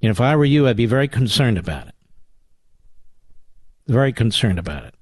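A man's voice: medium pitch, sing-song, a little fast, a little mellow, slightly rough, no room sound. Indignant talk radio host, man. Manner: indignant, emphatic, repeats lines for effect. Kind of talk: talk radio monologue and calls.

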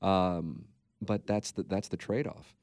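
A man's voice: sits low, steady tone, takes it slowly, a little mellow, no echo, clean studio sound. A man co-hosting a podcast, talking in a rambling, candid way and swearing freely. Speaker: podcast co-host. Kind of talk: casual podcast chat.

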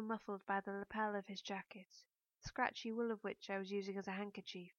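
A woman narrating a first-person novel in a measured, introspective way. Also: mid-range voice, little pitch movement, no room sound, highs cut off. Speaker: audiobook narrator.

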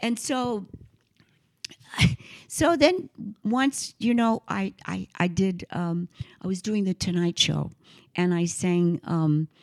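A woman guest on an interview spinning animated stories, her low voice full of gravel and fry. She stops and restarts mid-sentence as she searches for words, and the sound is dry and close. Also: dry recording. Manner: animated anecdotes, halting restarts. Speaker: guest singer. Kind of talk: casual interview storytelling.

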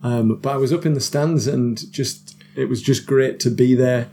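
A musician from North East England guests on a podcast, chatting casually about football. He's self-deprecating, laughs often, and keeps restarting his sentences, his mellow mid-range voice at a moderate pace with a little hiss or hum.

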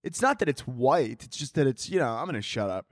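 A man's voice: mid-range voice, expressive, fairly quick, no echo, studio quality. A man hosting a podcast from his home, rambling through crude jokes and cutting himself off mid-thought. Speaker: podcast host. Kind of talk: crude comedic rambling monologue. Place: home, downstairs by a Christmas tree.

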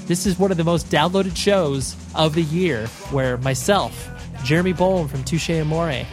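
Man, podcast host outro, nasal sick voice, chatty, slightly high-pitched, music underneath. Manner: chatty, relaxed, thankful.

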